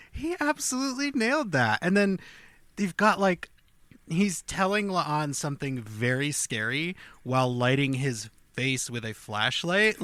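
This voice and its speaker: Bright, enthusiastic podcast man. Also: a little high, no echo. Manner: enthusiastic, laughing often. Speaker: podcast co-host. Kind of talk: casual chat.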